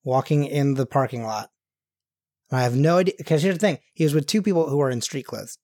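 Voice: medium pitch, brisk, a little mellow, no room sound. Jokey podcast host, dry close sound. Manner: rambling, jokey, many restarts. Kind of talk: casual chat.

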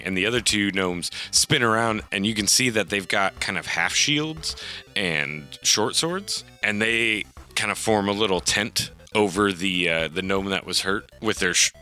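A man's voice: sits low, sharp tone. A man narrating a tabletop game as game master, loosely, with frequent fillers and laughs.

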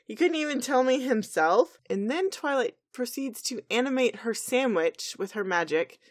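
A woman's voice: fairly high pitch, animated, normal speed. A woman co-hosting a podcast, recapping a cartoon episode in a chatty, laid-back way. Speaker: podcast co-host.

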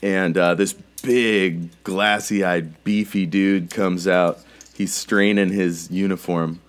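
A man's voice: sits low, fairly even intonation, slow. A man narrating a tabletop game as game master, casual and rambling with many fillers.

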